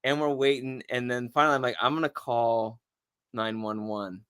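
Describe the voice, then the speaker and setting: A male comedian guest telling a long, animated story in casual chat, acting out the voices of people he quotes. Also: medium pitch, moderate pace, clear, resonant tone.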